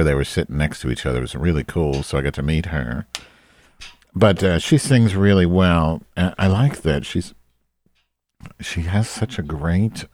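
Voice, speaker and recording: A man's voice: extremely low pitch, a little mellow, dry recording, studio quality. A man hosting a podcast, chatting casually in a rambling, self-deprecating way with campy asides. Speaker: podcast host. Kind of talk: casual solo chat.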